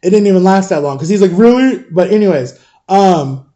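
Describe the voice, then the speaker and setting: A man in his thirties talks straight to his followers in a loose, rambling storytime vlog. His voice sits high but has a soft, mellow tone. He sounds worn out and exasperated, and he swears casually as he goes. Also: a little fast, dull audio. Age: 30s. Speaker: father vlogging about parenting.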